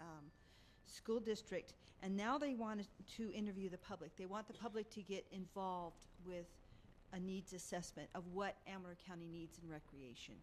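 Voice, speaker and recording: A woman guest on a radio interview explaining public parks workshops in a steady, informative way. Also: medium pitch, a little hiss or hum. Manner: informative, steady, uses fillers. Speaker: guest from a parks and recreation agency.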